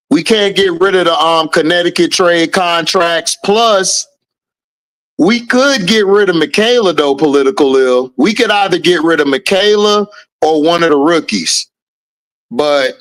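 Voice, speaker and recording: A man with a high-pitched voice hosts a laid-back livestream, greeting viewers by name and laughing through his replies. He takes his time and speaks. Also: fairly bright tone. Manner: reads out viewer names and answers chat, laughs often. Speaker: livestream host. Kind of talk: casual live-chat commentary.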